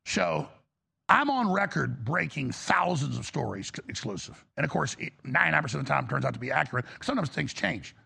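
Gravelly ranting man, talk show host. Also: a little high, sing-song, a little fast, pushed and bright. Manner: angry, exasperated, blunt and profane. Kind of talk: political rant.

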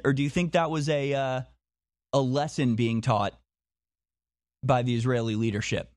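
A man's voice: mid-range voice, steady tone, normal speed, pauses often, a little mellow, no room sound, clean studio sound. A man talking in a monologue, insistent, firing off repeated rhetorical questions and often restarting his sentences. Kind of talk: monologue commentary.

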